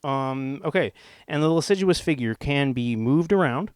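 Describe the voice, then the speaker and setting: A man's voice: medium pitch, lively intonation, normal speed, clean tone, dry recording. A man casually walking through a synthesizer demo, rambling and jokey, with the odd swear and silly put-on accents. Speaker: gear reviewer demonstrating a synth. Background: synthesizer tones playing.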